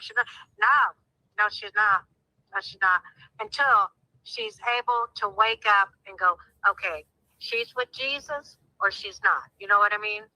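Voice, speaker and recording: A woman's voice: medium pitch, bright, forceful tone, no echo, poor audio. A woman speaking as a guest in a phone interview, emphatic and heartfelt, often repeating herself. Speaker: guest, sister of a crime victim.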